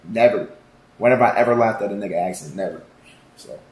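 A man's voice: lowish voice, fairly quick. Roomy, rambling, profane male streamer. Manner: loud, profane, joking, rambling. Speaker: livestreamer. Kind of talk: casual livestream chat. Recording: roomy echo.

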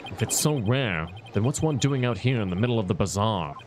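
A man's voice: fairly low pitch, expressive, fairly quick, slight background noise. A man streaming a game, reading its dialogue aloud in a casual, jokey way.

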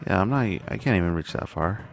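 Low gravelly young guy mumbling thru a video game, lots of ums and swearing, game music playing. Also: animated. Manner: quiet, halting, muttering with frequent fillers and curses. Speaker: gaming channel host. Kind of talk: casual gameplay commentary.

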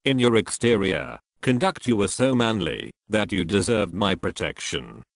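A man reading the words of the Holy Spirit praising a knight, slow and solemn. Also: lowish voice, expressive, vocal fry, dry recording, clean studio sound. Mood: tender.

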